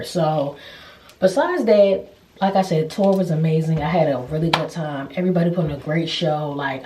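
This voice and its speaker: A young adult woman vlogger telling a lively, slangy story-time rant to her viewers. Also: fairly low pitch, recorded from a distance. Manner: animated, slangy, addresses viewers as y'all. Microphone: phone. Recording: echoey room with faint noise.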